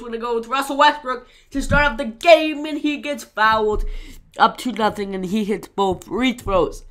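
A fairly high-voiced woman calls her own video game match play by play. She is excitable and hyped, and she jumps to loud shouts when a play goes well. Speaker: gaming channel host.

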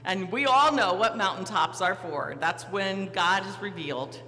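Bright-voiced pastor preaching in a church. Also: medium pitch, unhurried. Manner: storytelling, acting out the disciples, posing questions to the listeners. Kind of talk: sermon. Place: church sanctuary. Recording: reverberant church hall, faint hum.

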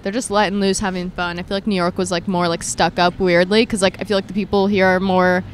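A young woman in her twenties hosting a podcast in casual chat, talking quickly and filling her sentences with "like". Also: fairly low pitch, level tone, slight background noise. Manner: quick, chatty, heavy use of "like". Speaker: podcast host.

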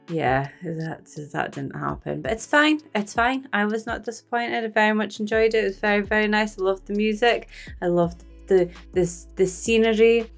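A woman chatting and reacting aloud while watching a movie, exclaiming and laughing along. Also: mid-range voice. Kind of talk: casual reaction commentary.

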